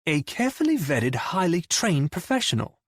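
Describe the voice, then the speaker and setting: A cocky young drummer, as a male narrator puts him on, breezy and wisecracking, lifted well above the narrator's own register. The voice keeps a husky edge. The recording is dry. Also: high voice, very animated, normal speed, dry recording, voice pushed up, exaggerated voice. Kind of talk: audiobook character voice.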